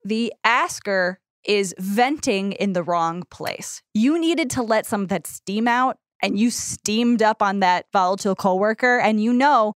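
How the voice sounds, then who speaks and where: A woman's voice: medium pitch, a little slow, hardly any pauses, smooth, no room sound, clean studio sound. A woman co-hosting an advice podcast, rambling through jokey metaphors and swearing freely in casual chat. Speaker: podcast co-host.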